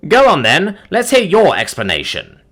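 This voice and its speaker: A man's voice: on the high side, huge pitch swings, normal speed, fairly bright tone, soft background music, pitched above the performer's own voice, exaggerated voice. A man voicing a blunt, firm uncle who speaks curtly. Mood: impatient. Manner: curt, firm.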